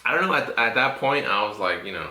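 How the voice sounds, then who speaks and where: Man, deep voice, bright tone, laid-back profane storytelling, lots of fillers, echoey room. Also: lively intonation, fast talker. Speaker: podcast host. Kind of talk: casual podcast chat.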